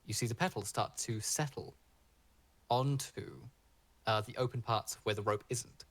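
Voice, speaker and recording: A man narrating a tabletop game as dungeon master, animated and rambling with fillers. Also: lowish voice, moderate pace, no echo.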